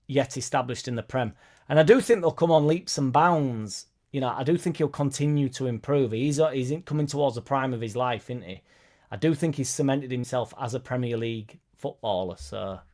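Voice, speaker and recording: This man's voice sits in the middle range and has a somewhat dark tone. Running a casual football fan channel's live stream, he reads the chat aloud and responds conversationally.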